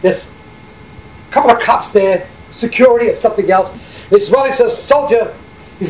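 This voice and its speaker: Elderly high-voiced New man storytelling. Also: fast, reverberant, slight background noise, rough recording. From Hackensack, New Jersey. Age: older. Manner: animated, acts out quoted dialogue. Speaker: war veteran interviewee. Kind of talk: oral history storytelling.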